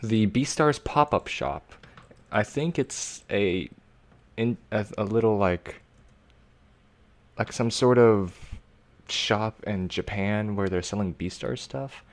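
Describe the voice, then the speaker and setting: A man's voice: on the low side, takes it slowly, pauses often. A man co-hosting a casual podcast, laid-back and teasing, often stammering as he restarts his sentences. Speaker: podcast co-host and editor. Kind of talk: casual group chat.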